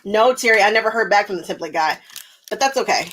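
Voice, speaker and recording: A woman's voice: mid-range voice, quick pace, a little hiss or hum, low-quality recording. Chatty, laughing woman quilting live-streamer. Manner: chatty and animated, often laughing, repeats phrases for emphasis. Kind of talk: casual live stream chat reading viewer comments. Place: home sewing room.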